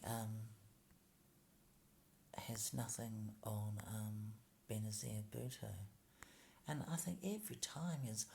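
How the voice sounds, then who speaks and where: Slow gravelly man rambling sarcastically. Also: mid-range voice, mellow, a little hiss or hum. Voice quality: halting, full of ums and mock slips.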